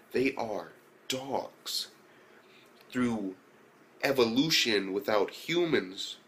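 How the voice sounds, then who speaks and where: Male anime reviewer with a lowish voice. Loose, profane, chatty recap, with frequent shouted reactions. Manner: loose, profane retelling with loud exclaimed reactions. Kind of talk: casual episode recap.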